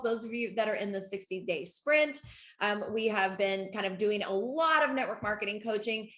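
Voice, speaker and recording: Woman host of a coaching call, excitable and chatty, slightly high voice, echoey room. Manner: excitable, laughing, talks to the audience directly. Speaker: network marketing coach. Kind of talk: live group coaching call.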